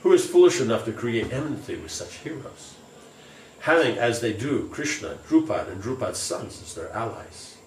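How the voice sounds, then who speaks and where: A man's voice: mid-range voice, big pitch swings, normal speed, slight background noise, close to an everyday voice. A man reading aloud the words of a solemn old male sage giving counsel, in a distant, roomy recording. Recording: roomy, distant, faint ambience.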